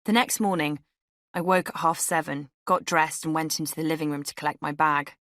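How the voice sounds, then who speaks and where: Low-voiced woman reading her memoir. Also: fairly even intonation, fairly quick, fairly bright tone, no echo, clean studio sound. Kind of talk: audiobook memoir narration. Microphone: studio microphone.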